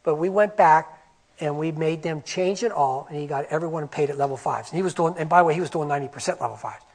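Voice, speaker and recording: A man giving a conference presentation on medical coding, animated and emphatic, with rhetorical questions. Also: fairly high pitch, fast. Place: conference room.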